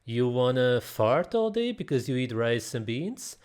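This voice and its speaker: A man putting on a falsely calm, smug guru voice, slow and sugary, with a soft, mid-range tone. It comes across as syrupy and self-satisfied, as a commentator mocks someone. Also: medium pitch, clear, resonant tone. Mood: mocking. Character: mocking parody of a smug, falsely calm male wellness guru.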